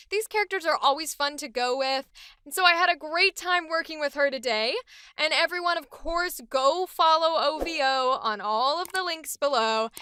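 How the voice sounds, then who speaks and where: A woman's voice: sits high, bright, forceful tone, no room sound, clean studio sound. A woman voice actress chatting enthusiastically about a character she is voicing. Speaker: voice actress hosting a character series. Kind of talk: casual chat.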